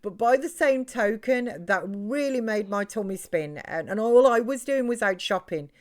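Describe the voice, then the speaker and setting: A woman's voice: fairly high pitch, expressive, moderate pace. A middle-aged British woman chatting loosely while streaming a game, rambling with many fillers and restarts. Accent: British English. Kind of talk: casual chat while live-streaming a game.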